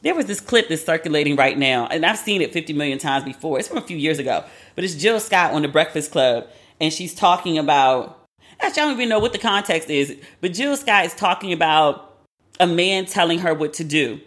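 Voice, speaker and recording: A woman's voice: sits low, lively intonation, fairly quick, a bit bright. A woman hosting a podcast alone, talking in a chatty, candid, profane way. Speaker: podcast host. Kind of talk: casual solo commentary.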